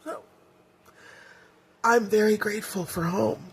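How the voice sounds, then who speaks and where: A woman's voice: medium pitch, slow, creaky, a little hiss or hum. A middle-aged woman vlogging in a candid, heartfelt way, rambling with fillers as she talks. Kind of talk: casual personal vlog.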